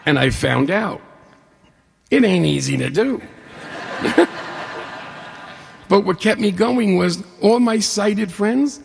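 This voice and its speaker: A man in his forties or older telling a personal story, a lively storyteller who acts out the dialogue with humor. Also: high voice, slow pace, gravelly, pauses often. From New York State. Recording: hall reverb.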